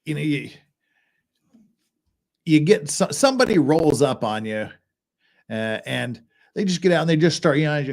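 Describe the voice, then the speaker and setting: A man's voice: on the high side, very animated, normal speed, pauses often. A man hosting a legal commentary show, talking casually in a rambling way with restarts and chuckles. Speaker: host of a legal commentary channel.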